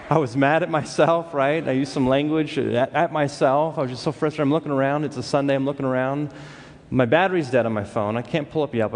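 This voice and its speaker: A man from Los Angeles telling a story in a sermon, acting out the voices of the people in it. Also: mid-range voice. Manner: animated storyteller who acts out quoted voices. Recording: long hall reverb.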